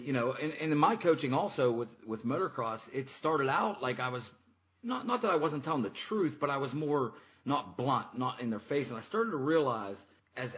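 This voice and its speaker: A man co-hosting a podcast, telling a coaching story in a blunt, chatty way with lots of restarts. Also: mid-range voice. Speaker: podcast co-host and motocross coach. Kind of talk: casual chat. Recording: muffled lo-fi podcast audio.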